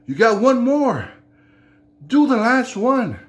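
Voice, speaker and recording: A man's voice: extremely high pitch, sing-song, takes it slowly, voice pushed up, exaggerated voice. A man voicing an earnest servant who begs his master to finish what he was told. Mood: pleading. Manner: earnest, begging. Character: pleading male servant urging his master on.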